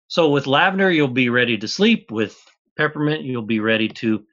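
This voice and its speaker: A man explaining chemistry to an interviewer at an easy, patient pace, building each point step by step. His voice sits at an ordinary middle pitch. The audio is a little dull and muffled. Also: normal speed, fairly bright tone. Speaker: guest chemist.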